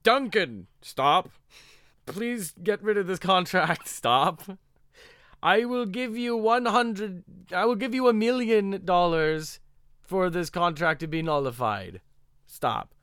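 A man's voice: high-pitched, lively intonation, takes it slowly, a bit bright, smooth, no room sound, studio quality, voice pushed up, full character voice. A man voicing a formal, polite male butler with a prim, mannered delivery.

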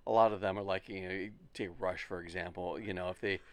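Low-voiced laid-back radio DJ man. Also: fairly even intonation, fast talker, smooth, no echo. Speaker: radio DJ guest. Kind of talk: casual chat.

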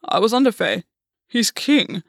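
A woman's voice: a little high, expressive, unhurried, creaky, no echo, studio quality, heavily acted. A woman voicing an anxious, guilt-ridden young fae man who talks in a hesitant, pleading way. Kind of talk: audiobook reading.

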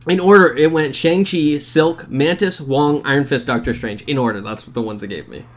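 A man co-hosting a podcast in casual chat, animated, swearing and laughing often. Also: on the high side, normal speed. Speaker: podcast co-host.

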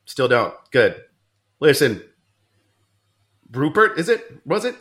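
A man's voice: medium pitch, sing-song, takes it slowly, fairly bright tone. A man playing a brusque male agency boss who recruits a new agent, in an improvised comedy skit. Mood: teasing. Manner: bossy, teasing, playful.

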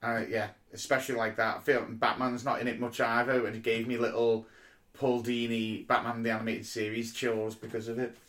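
A man, co-hosting a casual podcast chat, animated and laughing often, swearing freely. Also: mid-range voice, fairly quick. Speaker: podcast co-host.

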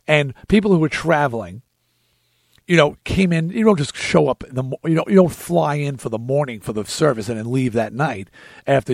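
A man hosting a podcast, telling a story in an animated, emphatic way. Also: a little high, gravelly, dry recording, studio quality. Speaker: podcast host. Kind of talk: storytelling chat.

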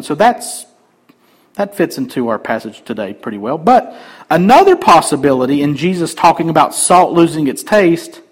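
A man preaching a sermon, swinging between emphatic raised passages and quiet conversational asides. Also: on the high side, low-quality recording. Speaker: pastor.

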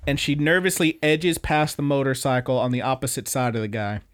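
This young man's mid-range voice moves briskly as he co-hosts a podcast recapping anime episodes. He keeps it laid-back and rambling, swearing freely and quoting lines in animated voices.

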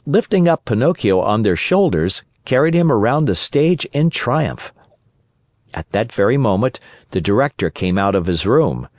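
A man's voice: medium pitch, no room sound. A male narrator reads a children's classic aloud, his voice rising and falling with plenty of life. The recording is close and dry, with no room sound. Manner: expressive storytelling. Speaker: audiobook narrator. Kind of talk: scripted narration.

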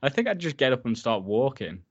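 A man's voice: mid-range voice, sing-song, a little fast, lo-fi sound. A man casually recapping a horror film for his co-host, enthusiastic and swearing freely. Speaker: podcast co-host.

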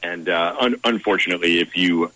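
A man interviewed as a car website's content director, answering in a measured, formal way with many pauses. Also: low-pitched, sharp tone, dry recording, rough recording.

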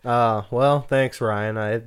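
A man's voice: medium pitch, steady tone, slow pace, smooth. A man co-hosting a podcast in casual comedic chat, dry and teasing. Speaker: podcast co-host.

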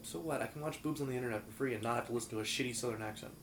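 A man's voice: mid-range voice, racing, a little hiss or hum. A man from New Orleans in a casual chat, blunt and ranting with plenty of swearing. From US South, New Orleans. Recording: roomy echo.

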